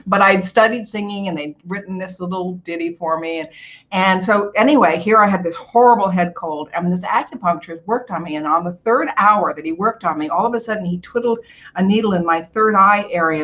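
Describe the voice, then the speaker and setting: An older woman from Hawaii, a guest actor telling stories in a casual interview, animated and acting out what people said, laughing often. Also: mid-range voice, brisk, muffled recording.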